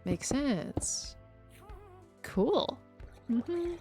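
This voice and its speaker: A woman's voice: sits high, sing-song, drawn-out words, dark tone, soft background music. A woman chatting casually on a gameplay livestream, reading viewer messages aloud and answering them as she plays. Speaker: streamer.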